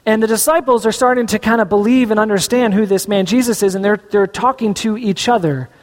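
A man preaching a sermon as pastor, telling the story with animated, acted-out voices. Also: high voice, a little fast. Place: church sanctuary. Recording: echoey church hall.

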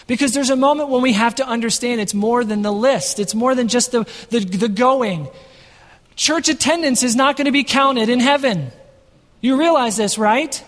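A man preaching a sermon to his congregation in a church, energetic and often asking the room questions. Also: very high voice, normal speed, in a large hall. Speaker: pastor. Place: church sanctuary. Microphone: headset microphone.

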